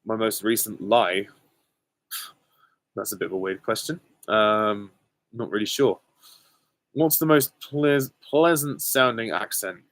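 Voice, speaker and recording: A man's voice: lowish voice, unhurried, long pauses, a bit bright, dry recording. Hesitant young British man, dry sound. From Britain. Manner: hesitant, many ums, candid and self-deprecating. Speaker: channel host answering viewer questions. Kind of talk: casual live Q and A.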